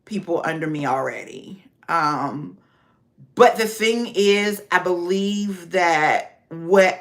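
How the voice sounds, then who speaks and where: A woman's voice: lowish voice, fairly bright tone. A woman vlogger chatting casually on a livestream, talking to viewers by name.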